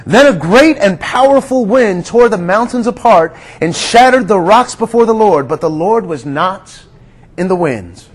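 A man preaching with a high voice, earnest and conversational, talking to his listeners as friends. He sinks to a near whisper on the quiet lines and then lifts his voice again to stress a point. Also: animated, unhurried, breathy edge. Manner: earnest, drops to a hush on quiet words. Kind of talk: sermon.

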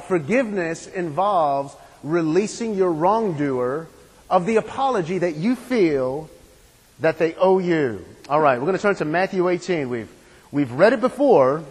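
A man's voice: a little high, a little mellow, husky, long reverb tail, low-quality recording. A man preaching a sermon in an earnest, emphatic way, asking the room questions and stressing key words.

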